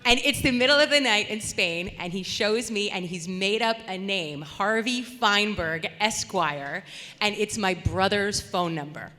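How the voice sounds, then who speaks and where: A woman on a convention panel telling a story with animated, laughing energy, recorded in an echoey convention hall. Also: mid-range voice, a little slow. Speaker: voice actor panelist.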